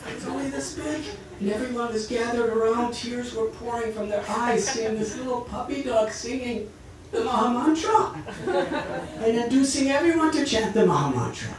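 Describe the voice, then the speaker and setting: A man, a monk giving a storytelling sermon, who narrates in an animated way and acts out the voices of his characters. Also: very high-pitched, normal speed, a crowd in the background. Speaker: monk lecturer. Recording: echoey hall, far mic, noisy.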